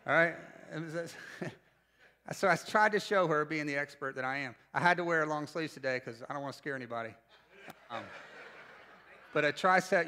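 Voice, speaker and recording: A pastor preaching a sermon to a church congregation, animated and joking, with sudden loud bursts. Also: male voice, a little high. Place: church service before a congregation.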